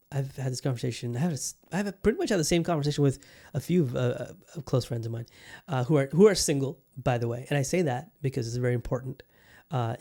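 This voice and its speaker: A man's voice: medium pitch, dark tone. A man in his thirties hosting a podcast in candid, profane, rambling casual chat. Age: 30s. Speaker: podcast host.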